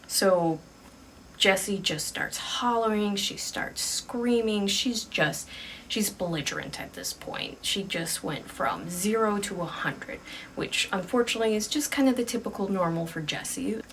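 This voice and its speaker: A woman's voice: mid-range voice, measured pace, fairly bright tone, recorded from a distance, a little hiss or hum, low-quality recording. Casual woman telling a ghost story. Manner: casual, conversational, many fillers.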